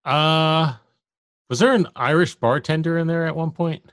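A man's voice: a little high, moderate pace, fairly bright tone, no echo. Laid-back man in a dry room. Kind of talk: casual conversation.

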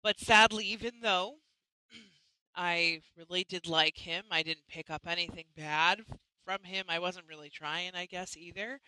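A woman's voice: on the low side, fairly even intonation, unhurried, sharp tone, a little hiss or hum, poor audio. A woman hosting a live chat show, talking casually and chattily, often restarting and apologizing. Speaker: host.

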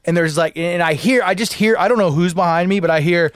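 Excitable, foul-mouthed man telling a story. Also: sits high, fast talker, clear, resonant tone, no echo, studio quality. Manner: animated, profane storytelling with acted-out quotes. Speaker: podcast co-host. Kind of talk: casual storytelling chat.

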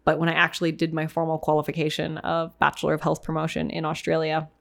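A woman's voice: low-pitched, completely flat delivery, fast talker, creaky. A young adult woman from Canada, casually telling a personal story to her viewers, candid and rambling, laughing at herself. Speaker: vlogger sharing personal story.

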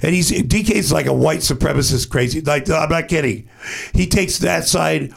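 A middle-aged man, a podcast guest, telling a rambling story in a casual, animated way and acting out the quotes. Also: on the high side, moderate pace, creaky, breathy edge.

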